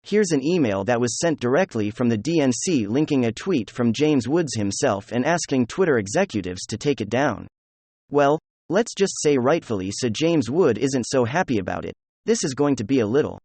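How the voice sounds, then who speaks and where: A man's voice: mid-range voice, darkish tone, dry recording. A man commenting on political news who reads quotes aloud and talks straight to his viewers.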